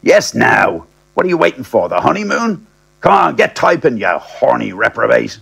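A man's voice: mid-range voice, very animated, moderate pace, creaky, a bit bright, breathy edge, voice pushed up, full character voice. A man voicing a crude, scheming older male solicitor who talks in a blunt, insulting way. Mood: pushy.

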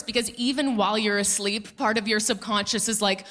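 A woman in her thirties doing a stand-up comedy set on a club stage, animated and jokey, acting out the voices of people in her stories. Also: fairly high pitch, fast, hardly any pauses.

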